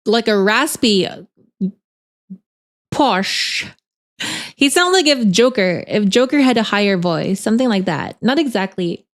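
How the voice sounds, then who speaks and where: A woman streamer in casual chat, rambling and chatty, laughing often with lots of filler words. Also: a little high.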